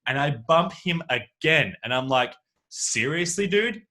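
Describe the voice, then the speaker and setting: Bright-voiced man telling a story. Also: mid-range voice, moderate pace, slight background noise. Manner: animated storyteller who acts out the voices in his anecdotes. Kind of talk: casual chat. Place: at home on a video call. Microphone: video call microphone.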